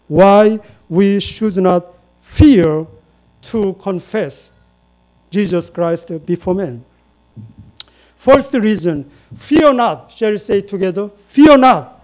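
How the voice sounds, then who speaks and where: A man's voice: high-pitched, expressive, slow pace, a little mellow. A man preaching a sermon in English, repeating phrases and inviting the congregation to say lines with him. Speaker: pastor.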